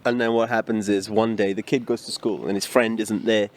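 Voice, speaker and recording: A man's voice: fairly low pitch, a little fast. A man co-hosting a podcast, telling stories in a casual chat, acting out quotes and laughing often, recorded outdoors. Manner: animated storyteller, acts out quotes, laughs often. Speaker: podcast co-host.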